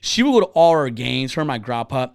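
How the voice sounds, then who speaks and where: Blunt, animated man with a lively voice. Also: fast, gravelly, smooth, no room sound, studio quality. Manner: blunt, profane, animated storytelling; acts out quoted people with big pitch jumps. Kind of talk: casual chat.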